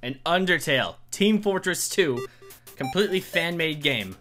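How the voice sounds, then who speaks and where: A man's voice: on the high side, lively intonation, moderate pace, over music. A man hosting a casual let's-play, chatting and reacting as he plays. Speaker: gaming channel host.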